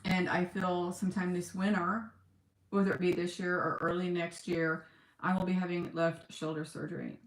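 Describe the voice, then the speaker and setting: A woman talking in a personal video diary, on the edge of tears, halting and emotional, with sighs and pauses. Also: fairly low pitch, flat delivery, echoey room. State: close to tears. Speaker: vlogger.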